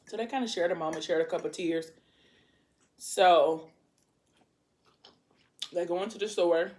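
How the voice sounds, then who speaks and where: Low-voiced woman chatting while eating. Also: a little mellow. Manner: casual and rambling, with quick apologetic asides. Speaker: vlogger.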